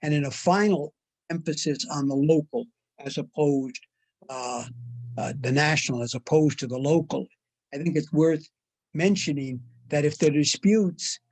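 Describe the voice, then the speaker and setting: An older man giving a measured, deliberate history lecture, with frequent "uh" fillers. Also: on the high side, a little mellow, no echo, poor audio. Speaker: guest lecturer. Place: online talk.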